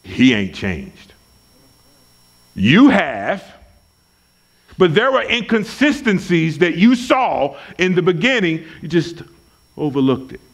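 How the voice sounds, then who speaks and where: Guy preaching in church, high voice swinging all over, emphatic, repeats himself for punch, folksy. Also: big pitch swings, takes it slowly, pauses often. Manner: conversational, folksy asides. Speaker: pastor. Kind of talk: sermon. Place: church service.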